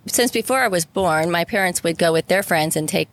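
A woman co-hosting a podcast, chatting casually with a slightly low voice. She teases her partner and tosses in quick reactions. A faint noise sits under the recording. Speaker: podcast co-host. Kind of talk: casual chat.

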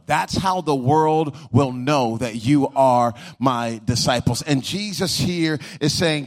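A man's voice: fairly high pitch, a little slow, few pauses. A male pastor giving a sermon with humorous asides, repeating key words, and rising into a sung, chanting preaching cadence.

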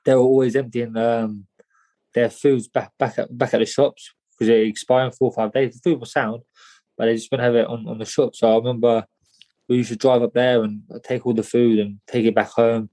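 A man telling a personal story in an interview, halting and repeating words, often saying "mate". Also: medium pitch, level tone, warm tone. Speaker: guest.

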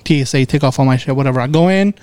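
A young man casually telling a story to friends, swearing freely and getting animated. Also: medium pitch, rapid-fire, clean tone, no echo.

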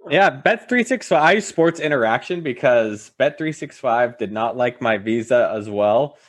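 Brief: easygoing male co-host, mid-pitched voice, dry quips. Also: animated, moderate pace. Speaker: podcast co-host. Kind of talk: casual chat.

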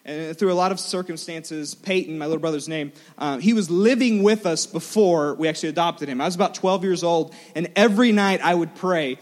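Young male preacher, animated and self-mocking storyteller, fairly high voice, echoing hall. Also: brisk. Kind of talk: storytelling sermon. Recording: large hall with long reverb.

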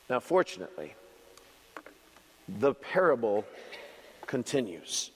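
A man preaching a children's sermon as an expressive storyteller who uses dramatic pauses. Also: a little high, in a large hall. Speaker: pastor.

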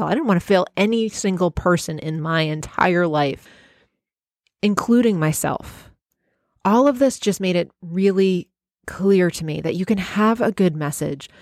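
A woman's voice: medium pitch, darkish tone, dry recording. Emphatic woman podcaster in a dry booth. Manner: emphatic, heartfelt, conversational. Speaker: podcast host and healthcare worker. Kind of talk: solo podcast monologue.

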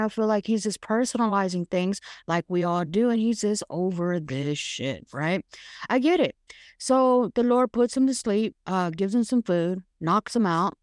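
A woman's voice: fairly low pitch, darkish tone, no room sound, clean studio sound. A woman hosting a podcast, talking frankly and casually through a devotional monologue with plenty of fillers. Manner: frank, chatty, swears casually, many fillers. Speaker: podcast host.

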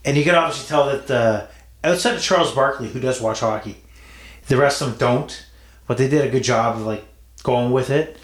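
A man's voice: mid-range voice, brisk, roomy sound. A man hosting a casual sports betting podcast, playful and teasing, often repeating himself. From Toronto area, Canada. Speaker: podcast host.

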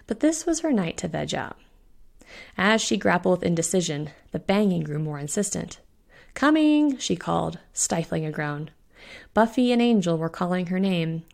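A woman reading her own short story aloud in a steady, expressive storytelling voice. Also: lowish voice, creaky. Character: witch Fiona voiced in own voice.

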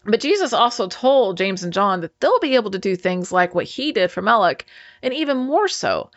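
A woman's voice: mid-range voice, very animated, normal speed, lo-fi sound. A woman casually recapping a show episode, chatty and enthusiastic, acting out the characters' lines as she retells them.

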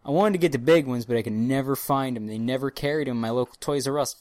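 A man co-hosting a casual podcast chat, profane and excitable, bursting into mock-dramatic rants. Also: medium pitch, fast talker, dry recording. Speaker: podcast co-host.

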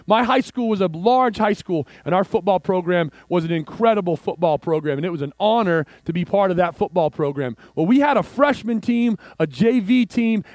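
A man preaching a sermon, telling a story and swinging from hushed, slow lines to excited outbursts. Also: high-pitched, no room sound. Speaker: pastor.

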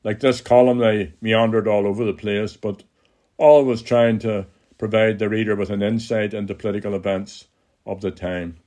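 An older man with an Irish accent, reading his own political column aloud in a measured, deliberate way. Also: fairly low pitch, fairly even intonation, warm tone.

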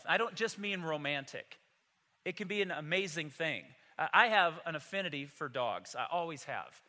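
A man's voice: on the high side, sharp tone, big-room sound. A man pastor delivering a Christmas Sunday sermon in a church, emphatic and telling humorous stories. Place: church sanctuary.

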